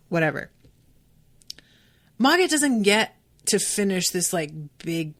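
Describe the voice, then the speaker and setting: A young adult woman hosting a podcast, reading a novel aloud and breaking off into casual, profane, excited reactions. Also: on the low side. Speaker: podcast host.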